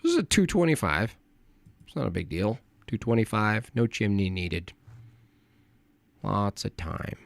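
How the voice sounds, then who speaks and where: A man hosting a late-night livestream, ranting and rambling with heavy swearing and often trailing off into low mutters. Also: very animated, measured pace, gravelly, long pauses, no room sound. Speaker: livestream host.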